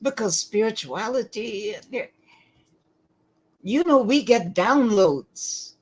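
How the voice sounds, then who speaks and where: A woman giving lecture-style commentary, deliberate and emphatic, often pausing to ask rhetorical questions. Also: medium pitch, lively intonation, a little mellow, breathy edge, low-quality recording.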